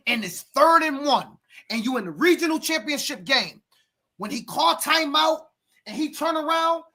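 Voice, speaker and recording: Podcast co-host, male youth football coach, bright husky voice, preachy, bursts into shouts. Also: extremely high pitch. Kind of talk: animated podcast storytelling.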